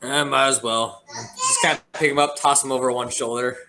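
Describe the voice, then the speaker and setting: A man's voice: medium pitch, huge pitch swings, brisk, sharp tone, a little hiss or hum. A man playing a tabletop game, talking casually in character with a dry, joking manner. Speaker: player.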